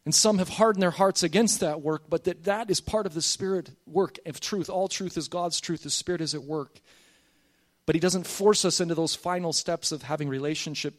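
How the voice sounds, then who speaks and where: A man preaching a sermon as pastor, earnest and emphatic, calling on the congregation to repeat after him. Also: a little high.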